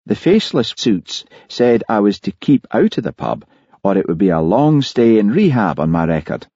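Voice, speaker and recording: Gloomy hard-drinking detective, snarling and self-pitying, read by a man, dark husky tone. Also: fairly low pitch, very animated, moderate pace, no echo, dull audio, pitched above the performer's own voice, full character voice. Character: gruff hard-drinking male Scottish detective, morose.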